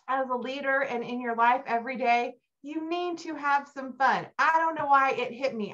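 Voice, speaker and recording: This motivational keynote comes from a middle-aged woman whose animated storytelling pushes her pitch high in excited moments. The sound quality is dull and lo-fi.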